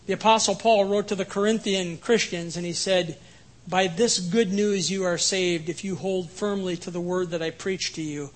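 A man preaching an earnest sermon, who later leads a quiet prayer. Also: sits high, fairly even intonation, moderate pace, low-quality recording. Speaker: pastor.

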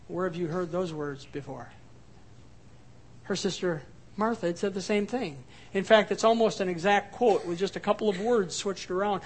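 A male pastor preaching a sermon, moving from lively acted-out quotes to soft, low, quiet passages. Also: normal speed. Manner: dynamic preaching, acts out quoted voices, drops to soft low tones.

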